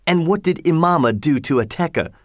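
A man's voice: a little high, lively intonation, fairly quick, dry recording, studio quality, pitched above the performer's own voice, lightly acted. A man voicing a triumphant fisherman who scolds a trapped genie in a read-aloud folk tale, declaiming sternly. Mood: defiant. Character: boastful, triumphant poor male fisherman.

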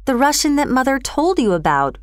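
A woman's voice: high voice, very animated, brisk, no echo, clean studio sound, pitched above the performer's own voice. A woman voicing a brave young boy who gives urgent commands. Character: brave bossy young boy, quick to lead.

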